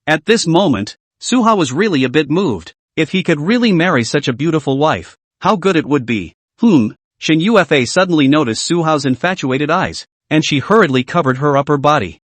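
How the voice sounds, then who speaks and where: A man's voice: a little high, sing-song, normal speed, few pauses, fairly bright tone, dry recording. Man, story narration, matter-of-fact, dry close sound. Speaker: recap narrator.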